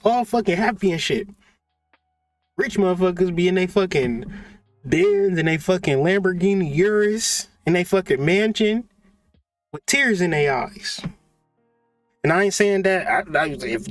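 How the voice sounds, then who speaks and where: Hombre animado y malhablado. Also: male voice, high voice, a little slow, long pauses, no room sound, faint music behind. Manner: profane, animated, joking, laughs often. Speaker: channel host. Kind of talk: casual monologue.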